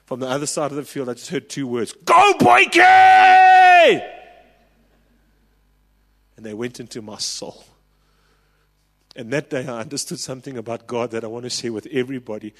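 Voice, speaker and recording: A South African man in his forties preaching a sermon, telling a personal story with passion and rising to loud calls. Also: medium pitch, in a large hall. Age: 40s. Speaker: pastor.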